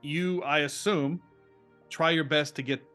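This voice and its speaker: Faint background music accompanies a man narrating as a tabletop role-play game master. His voice is on the high side and unhurried, and he describes the scene with animation and frequent restarts.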